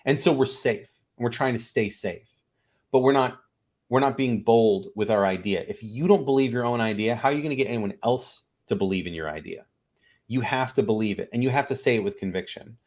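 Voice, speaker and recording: A man's voice: mid-range voice, a little fast, darkish tone. A man, an improv teacher and guest on the show, talking in a casual interview and acting out little voices in his stories.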